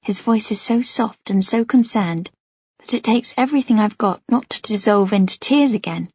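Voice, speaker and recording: Woman reading a novel aloud, expressive, mid pitch, dry slightly muffled recording. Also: normal speed, slightly rough, dry recording. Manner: expressive, anxious first-person storytelling. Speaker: audiobook narrator. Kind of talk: first-person novel narration. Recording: dry, slightly dull studio sound.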